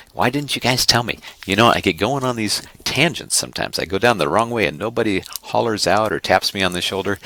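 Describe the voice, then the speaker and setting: Gravelly low-voiced man teaching software. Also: no room sound. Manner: rambling, self-correcting, joking asides to students. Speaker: online course instructor. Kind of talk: screen-recorded software tutorial.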